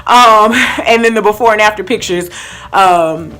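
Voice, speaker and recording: A young woman talks straight to her viewers in a relaxed storytime vlog. Her voice is bright and forward, and she rambles through fillers and restarts as she acts out what people said. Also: mid-range voice, measured pace, clean tone, faint music behind. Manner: chatty, animated retelling with acted-out quotes and many fillers. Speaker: vlogger.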